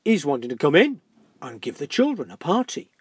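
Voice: medium pitch, big pitch swings, a little fast, breathy edge, no room sound. A storyteller doing a fussy fretting gatekeeper. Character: fussy male gatekeeper, a servant.

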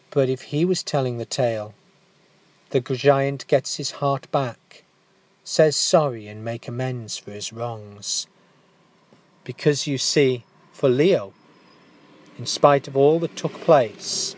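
A man narrating a fairy tale in a gentle, unhurried storytelling manner. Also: medium pitch, no echo.

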